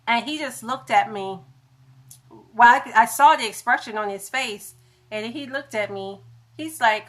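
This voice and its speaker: A woman's voice: mid-range voice, a bit bright. A woman talking on a casual phone livestream, in a mid-range voice. She chats along loosely and trips over long medical terms now and then. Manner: chatty, stumbles over medical words. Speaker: livestream host.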